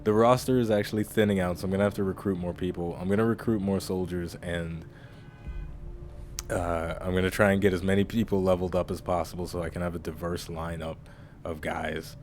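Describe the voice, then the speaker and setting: A man's voice: sits low, little pitch movement, a little fast, a little mellow, faint music behind. A man casually commenting on his own strategy-game playthrough in a chatty, rambling way. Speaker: let's-play host.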